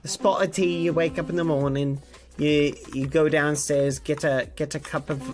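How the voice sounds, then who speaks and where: A man's voice: fairly high pitch, steady tone, moderate pace, lightly acted. A man voicing a cheeky British man in a put-on British accent. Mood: playful. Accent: mock British.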